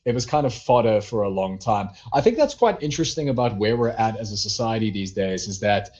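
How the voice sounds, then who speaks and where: A man's voice: lowish voice, expressive, a little fast, darkish tone. Rambling male podcast co-host, lo-fi sound. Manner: rambling, filler-heavy storytelling. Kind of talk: casual chat.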